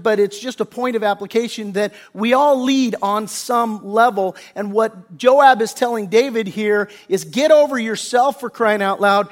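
A male pastor preaching a sermon, animated and conversational, acting out quotes with loud bursts and hushed wails. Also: high voice.

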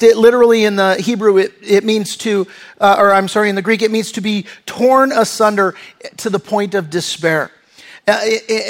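A man's voice: high-pitched, fairly bright tone. A male pastor preaching a sermon in an earnest, conversational way, often restarting and stumbling over his words.

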